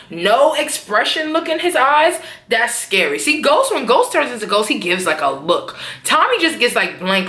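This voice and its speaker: A young woman recapping a TV episode in a loose, fired-up rant, full of cussing and strong opinions. Her voice sits a bit high for a woman and rings around a roomy, echoey space. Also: normal speed. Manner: animated, profane and opinionated. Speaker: TV recap vlogger. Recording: echoey room.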